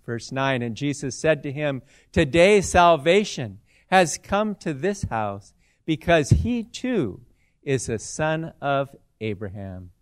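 Slow male scripture reader, dry sound. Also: on the high side, big pitch swings, dry recording. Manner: measured, formal reading. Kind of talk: scripture reading.

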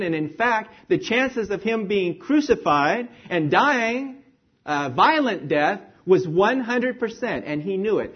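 A male preacher delivers a sermon in a husky, rather high voice that leaps and falls with lively emphasis. He swings from ringing declarations down to hushed near-whispers. The recording is dull and lo-fi. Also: slow. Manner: animated, rising and falling emphasis, drops to near-whisper.

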